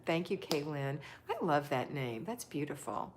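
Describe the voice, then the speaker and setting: A woman's voice: low-pitched, animated, moderate pace, hardly any pauses, slight background noise. A woman hosting a casual livestream, chatting affectionately and reading viewer comments aloud. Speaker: livestream host.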